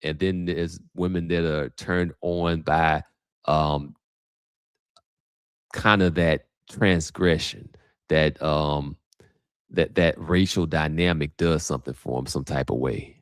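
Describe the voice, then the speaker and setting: A man's voice: very deep voice, fairly even intonation, takes it slowly, smooth, no echo, clean studio sound. A man hosting a livestream, talking casually and thinking aloud with many restarts. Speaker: host. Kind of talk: livestream commentary.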